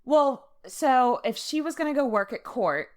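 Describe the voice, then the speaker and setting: A woman's voice: high-pitched, lively intonation, a little slow, a little mellow. A young adult woman co-hosting a podcast in casual chat, telling a story with a lot of profanity and acted-out quotes. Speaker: podcast co-host.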